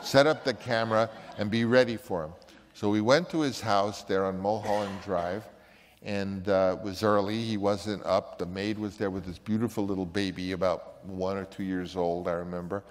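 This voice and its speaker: An older man with a fairly low voice tells a story in an interview, animated and lively, acting out other people as he goes. His voice trails off in a long reverb, as if in a large space. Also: moderate pace. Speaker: filmmaker recalling a casting story.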